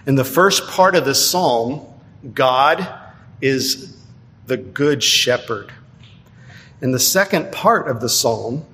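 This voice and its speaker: A male preacher delivering a measured, emphatic sermon, slowing down to stress key phrases. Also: a little high, animated, fairly bright tone. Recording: long hall reverb.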